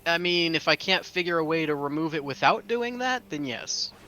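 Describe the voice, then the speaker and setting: A man playing a tabletop game, talking through his moves in a deliberate, wry way. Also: a little high, animated, bright, forceful tone. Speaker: player.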